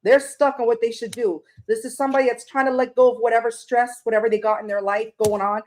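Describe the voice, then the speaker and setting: Woman doing a tarot live, kinda high voice, rambly and chatty, chats with viewers. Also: steady tone, quick pace. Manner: laughs at her own slips. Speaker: tarot reader on a live stream. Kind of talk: casual live stream chat.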